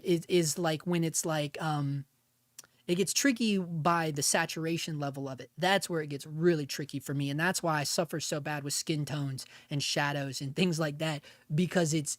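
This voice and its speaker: A man's voice: high-pitched, no echo. Give me a casual male livestream host who rambles with slang while teaching camera exposure, recorded dry. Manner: loose, rambling, heavy on filler slang like bro and dude.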